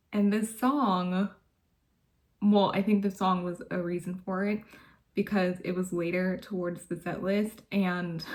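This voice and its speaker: A woman vlogger chatting casually from her bedroom, gushing and laughing often as she talks. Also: mid-range voice. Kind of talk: casual chat.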